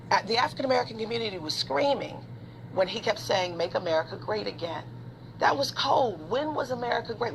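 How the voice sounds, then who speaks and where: A woman's voice: medium pitch, fairly bright tone, a little hiss or hum, rough recording. A woman giving television news commentary as a panel guest, earnest and building her points with repeated phrases.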